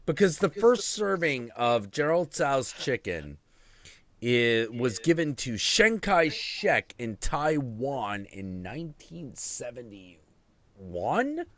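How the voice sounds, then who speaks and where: A man in his thirties hosting a casual stream chat, telling stories in an animated, profane way. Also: mid-range voice, slow pace. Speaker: host.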